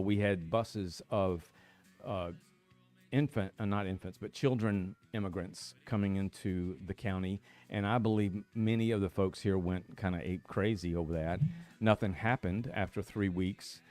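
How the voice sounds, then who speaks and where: A man's voice: low voice, darkish tone. A middle-aged man, hosting a casual newspaper live stream, talking loosely with many fillers and restarts.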